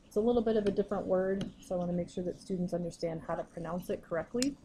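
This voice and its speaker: A woman's voice: on the low side, racing, hardly any pauses, dark tone, a little hiss or hum, rough recording. A woman teaching a recorded math lesson, explaining patiently step by step.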